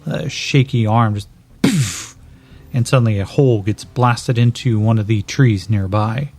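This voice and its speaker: Gravelly man narrating a tabletop game. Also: mid-range voice, unhurried, a little mellow. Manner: casual, swearing, with many fillers. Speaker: game master.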